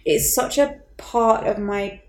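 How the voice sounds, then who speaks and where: A woman's voice: medium pitch, slow pace, echoey room. A young woman co-hosting a podcast, telling a story in casual chat, acting out quotes, swearing and laughing often. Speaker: podcast co-host.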